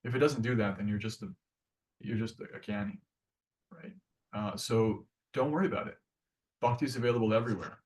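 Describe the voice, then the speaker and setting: A man's voice: fairly low pitch, fairly quick, pauses often, distant mic. A man giving a casual devotional class, talking earnestly and conversationally with many restarts.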